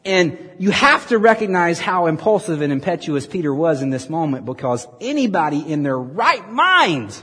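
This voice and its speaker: A man preaching a sermon as a pastor, playfully narrating a scripture skit and bursting into loud dramatic reading. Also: on the high side, very animated, moderate pace, hardly any pauses, husky, long reverb tail. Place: large hall with audience.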